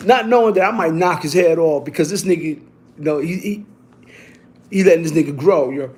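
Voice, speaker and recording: A man telling a story casually, in animated and profane street talk that keeps restarting and repeating itself. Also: fairly high pitch, fairly quick.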